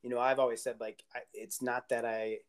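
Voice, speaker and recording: Easygoing middle-pitched man hosting. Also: level tone, fairly quick. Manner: reflective, rambling, frequent fillers. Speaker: podcast host. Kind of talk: casual conversational chat.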